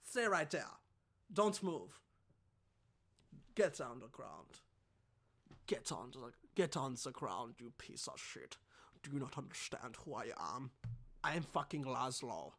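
A young man putting on the voice of a menacing tough guy who barks orders at an intruder, gruff and low. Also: big pitch swings, unhurried, long pauses, a bit bright, heavily acted.

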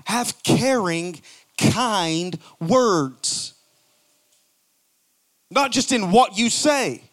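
A male pastor preaching to a congregation, swinging between loud emphatic bursts and soft, low asides, and acting out quoted lines in mocking voices. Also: expressive, extremely slow. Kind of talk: sermon.

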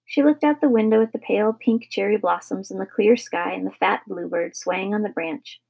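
A woman reading a children's story aloud, steady and expressive. Her voice has a gravelly, husky grain and sits in a mid register. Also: medium pitch, normal speed, rough recording. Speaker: narrator. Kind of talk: storybook narration.

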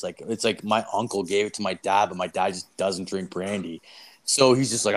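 A man from Canada telling a casual story, swearing constantly in an animated, loud way. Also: lowish voice, brisk.

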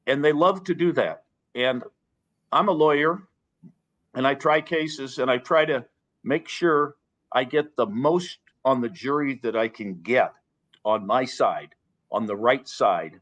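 A man, a lawyer, talking as a podcast guest in an earnest, measured way, restarting and repeating phrases. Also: medium pitch, fairly bright tone. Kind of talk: podcast interview.

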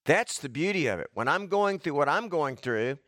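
A man's voice: a little high, expressive, normal speed, fairly bright tone, no room sound, studio quality. A middle-aged man preaching a sermon in an earnest, conversational way, calling on people in the congregation by name.

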